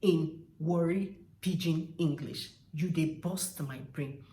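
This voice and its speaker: A woman's voice: on the low side, big pitch swings, dark tone, reverberant, distant mic. A woman with a Nigerian accent explaining slang in a casual vlog, acting out phrases by drawing them out with emphasis. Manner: drawn-out, emphatic demonstrations of phrases. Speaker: vlogger teaching slang.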